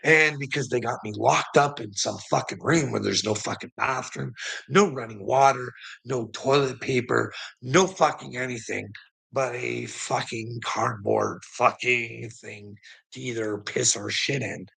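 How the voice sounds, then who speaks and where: A man's voice: medium pitch, measured pace, vocal fry, a bit bright, breathy edge, poor audio. A man telling a rambling personal story to a relative, swearing constantly and laughing often.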